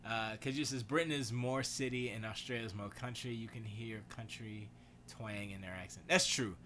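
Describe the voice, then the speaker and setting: Stream host, male, loose rambling delivery, bright tone. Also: on the low side, steady tone, moderate pace, slight background noise. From United States. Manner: rambling, reads chat aloud, self-correcting. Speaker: livestream host. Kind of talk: casual livestream chat.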